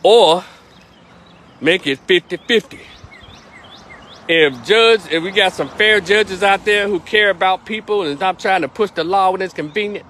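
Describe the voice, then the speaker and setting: A man with a high voice ranting bluntly and profanely on a livestream, shifting into a preachy tone at times. He is outdoors, with faint noise behind him. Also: unhurried, a bit bright. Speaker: host. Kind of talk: livestream opinion rant. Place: outdoors, moving around.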